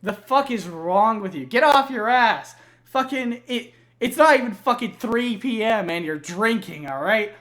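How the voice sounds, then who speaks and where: A man's voice: sits high, expressive, unhurried, voice pushed up. A man acting out a furious, cursing scold. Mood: angry scolding. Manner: swearing, scolding, shouting. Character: furious man berating his drunk other self.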